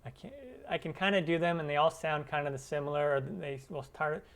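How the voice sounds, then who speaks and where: A man's voice: a little high, a little fast, creaky, fairly bright tone. A man hosting a cooking channel's live stream Q&A, chatting loosely with viewers and using many fillers. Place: lives in Arizona.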